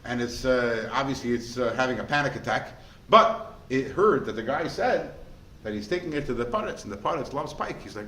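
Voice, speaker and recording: A man, a rabbi teaching a class, in a lively way, often asking the listeners questions. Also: medium pitch, a little fast. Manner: animated, asks the class rhetorical questions. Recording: echoey room with faint noise.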